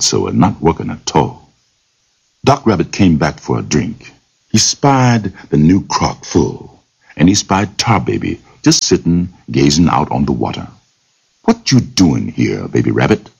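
A man's voice: very deep voice, vocal fry, a little mellow, slightly rough. A man telling a folktale aloud in a rhythmic, lilting oral style full of repetitions. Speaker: storyteller. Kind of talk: folktale storytelling. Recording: dull lo-fi recording.

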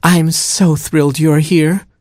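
A man voicing a fretful, self-absorbed baboon queen in a storybook reading, whiny and dramatic in a husky voice. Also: normal speed, dry recording, studio quality. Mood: tender. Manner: whiny, dramatic, rising into high squeaks.

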